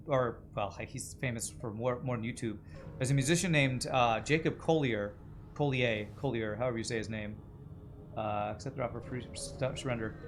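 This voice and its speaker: A man's voice: medium pitch, slight background noise. A man streaming a video game, chatting casually with viewers and musing aloud about voices and accents as he plays. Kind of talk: casual gaming livestream chat.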